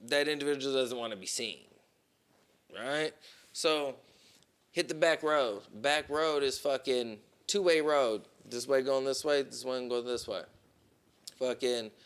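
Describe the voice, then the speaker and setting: A man on a podcast telling a long story in casual, profane talk, with plenty of "boom" and "right?". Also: measured pace, fairly bright tone, smooth. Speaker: podcast co-host.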